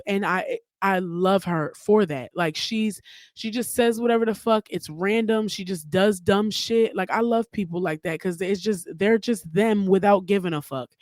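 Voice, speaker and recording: A woman's voice: mid-range voice, a little mellow, dry recording, studio quality. A woman hosting her own podcast, giving blunt, profane, chatty commentary in a casual solo talk. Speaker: podcast host.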